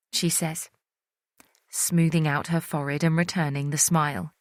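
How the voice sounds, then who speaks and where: A woman giving measured, introspective first-person audiobook narration on a close studio mic. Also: low voice, level tone, no room sound.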